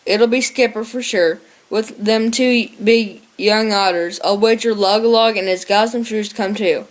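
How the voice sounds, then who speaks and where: A woman reading the part of an eager old male shrew who shouts for his friends. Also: mid-range voice, fairly even intonation, unhurried, lightly acted.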